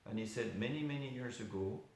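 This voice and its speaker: This man's mid-range voice is creaky and a little mellow, and he talks at a quick pace. He is giving an informal class in a temple hall, telling a story with lots of asides in a conversational way, captured in a very echoey room with faint hiss.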